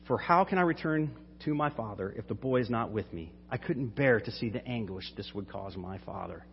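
A man's voice: fairly low pitch, expressive, moderate pace, creaky, slight background noise, pitched below the performer's own voice. A man reading aloud as a humble older brother begging a ruler for mercy, in an earnest, imploring manner. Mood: pleading. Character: pleading grown male brother, humble and desperate. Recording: dull hall reverb.

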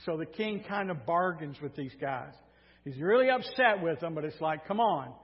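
A male preacher with a high voice retells a story from the pulpit in a lively way, adding sarcastic asides. The sound is dull and carries a long reverb from a large hall. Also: moderate pace. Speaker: pastor. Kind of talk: sermon.

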